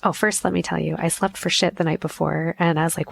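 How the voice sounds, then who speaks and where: A woman's voice: on the low side, steady tone, fast, vocal fry, hardly any pauses. A woman hosting a podcast, telling a personal story in a candid, self-mocking way, swearing freely and acting out her own inner voice. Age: adult mother. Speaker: podcast host. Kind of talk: casual storytelling monologue.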